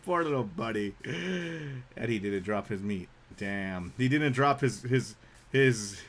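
A young man chats through his gameplay stream in a lively, bouncing voice that swings from low mumbles to high yelps. His tone is bright and forward, and he tacks "man" onto half his sentences in an easygoing drawl. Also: a little slow. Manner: laid-back, says "man" a lot, bursts into loud yelps. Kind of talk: casual live-stream gameplay chat.

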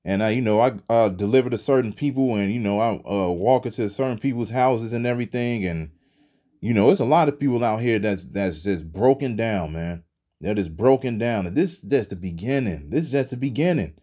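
A man's voice: lowish voice, lively intonation, a little fast, mellow. A man giving a loose, conversational religious talk, dropping "man" into nearly every sentence. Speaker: religious commentator. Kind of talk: casual preaching monologue.

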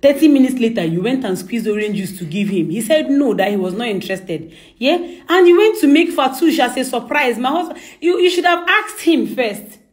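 A woman's voice: high voice, lively intonation, fairly quick. A woman at home, coaxing and insistent, often laughing as she talks. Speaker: employer. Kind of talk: casual conversation. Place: home indoors.

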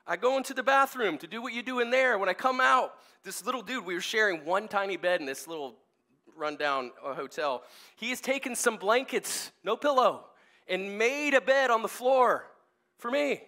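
A man in his forties, a pastor telling personal stories during a sermon in a casual, animated way, full of fillers and restarts. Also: high-pitched, normal speed. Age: 40s. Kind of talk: storytelling sermon. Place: church service.

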